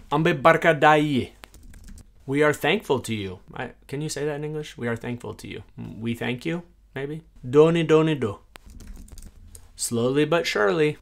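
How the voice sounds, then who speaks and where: A man who teaches a language reviews a translation tool in a casual way. He says each phrase aloud and then explains what it means, adding quick asides. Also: mid-range voice, a bit bright.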